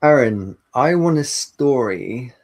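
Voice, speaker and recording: A man narrating as game master, setting scenes in an unhurried, descriptive way. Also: mid-range voice, animated, poor audio.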